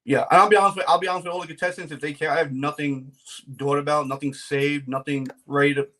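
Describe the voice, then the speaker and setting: A man guesting on a casual podcast, talking about his breeding plans in a relaxed, rambling way with lots of fillers and laughs. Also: a little high, fast talker. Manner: laid-back, laughs often, many fillers.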